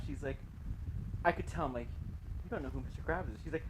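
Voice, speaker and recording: A man's voice: fairly high pitch, fast. Male co-host, rambling story told with laughs, faint background hiss. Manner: rambling, laughs mid-story, acts out quotes. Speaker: podcast co-host. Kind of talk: casual chat, storytelling.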